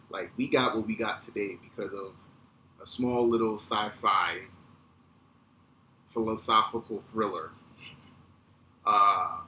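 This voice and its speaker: A man in his thirties hosting a podcast, telling a casual, animated, profane story. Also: fairly low pitch. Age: 30s. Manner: animated, profane, acts out quotes. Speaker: podcast host. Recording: echoey room with faint ambient noise.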